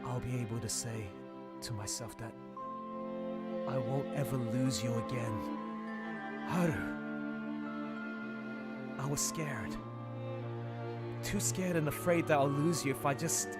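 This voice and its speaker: A man voicing a shy young male wolf, giving a slow, earnest, solemn love speech. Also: medium pitch, pitched below the performer's own voice, lightly acted. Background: emotional music.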